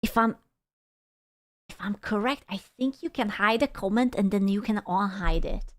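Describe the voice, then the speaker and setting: A woman's voice: medium pitch, moderate pace, no echo. A woman from Europe streaming a casual reaction, talking bluntly, swearing and joking sarcastically.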